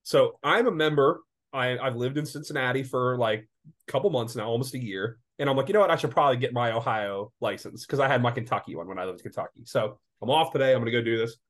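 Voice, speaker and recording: A man in his late twenties, sick and a bit congested, co-hosting a casual podcast with animated, profane storytelling. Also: medium pitch, fast. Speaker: podcast co-host. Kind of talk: casual chat.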